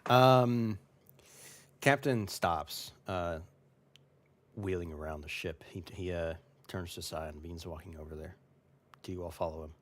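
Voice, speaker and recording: A man narrating as game master of a tabletop role-playing game, relaxed and halting, with many fillers. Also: low-pitched.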